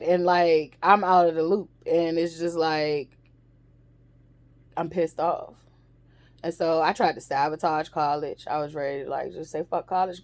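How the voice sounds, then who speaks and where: A woman's voice: fairly low pitch, no room sound. A young adult woman telling a candid, profane storytime, emphatic and rambling. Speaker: vlogger. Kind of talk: casual storytime monologue.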